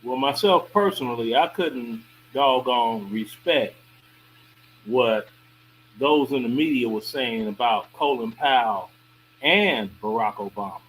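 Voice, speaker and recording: A man in a casual panel discussion, reacting with animated disbelief. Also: mid-range voice, a little hiss or hum, low-quality recording. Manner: animated, incredulous, quick reactions.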